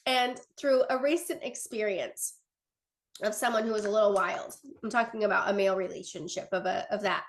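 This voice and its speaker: A woman's voice: mid-range voice, steady tone, fairly quick. A young adult woman giving a casual sales training talk over a video call, chatty and earnest, with many fillers and restarts as she reads from her notes.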